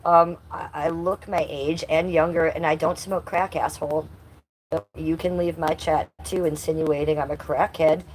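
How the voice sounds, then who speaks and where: Hosting a casual stream, this woman in her fifties reads messages aloud, bluntly cursing at rude viewers and using sing-song baby talk with her cat. She speaks at a moderate pace in a low, steady, darkish voice. Slight background noise is present.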